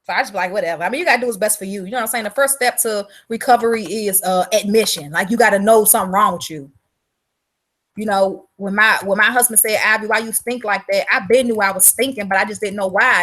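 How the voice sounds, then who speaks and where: A woman's voice: medium pitch, fast, a bit bright. A woman from South Carolina, hosting a casual livestream, talking bluntly and profanely and greeting viewers by name. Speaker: livestream host selling womb-care products.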